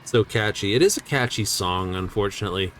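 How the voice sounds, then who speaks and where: A man's voice: on the low side, a little fast, a bit bright, faint music behind. A man streaming a video game, rambling and thinking aloud as he studies the map. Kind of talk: casual game-stream commentary.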